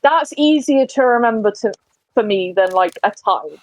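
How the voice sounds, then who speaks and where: A woman's voice: on the high side, lively intonation, normal speed, noisy background. A woman in her twenties with a Somerset accent, chatting casually on a gaming stream, laughing often and poking fun at herself. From Somerset, England. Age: 20s. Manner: chatty, giggly and self-deprecating. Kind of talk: casual chat while gaming.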